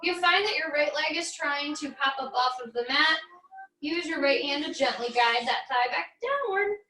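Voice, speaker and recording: An American woman, a fitness instructor, calmly guiding a barre stretching class with encouraging cues and light jokes. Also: sits high, normal speed, reverberant, recorded from a distance, rough recording.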